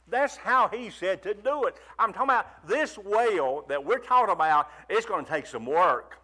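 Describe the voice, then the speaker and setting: A man preaching a fervent sermon, rising to near shouts and pleading prayers. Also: sits high, animated, moderate pace, few pauses.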